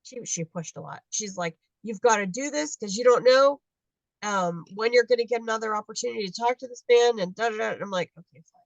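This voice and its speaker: Woman, 50s, animated storyteller, dry close sound on a call. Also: a little high, a little fast, gravelly, no echo, muffled recording. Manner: animated, acts out dialogue in quotes. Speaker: guest adoptee. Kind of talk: casual storytelling on a video call.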